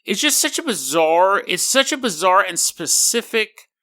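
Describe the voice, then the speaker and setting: A man in his thirties hosting a podcast, telling stories in an animated, rambling way and laughing often. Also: high voice, unhurried. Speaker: podcast host. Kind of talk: casual podcast monologue.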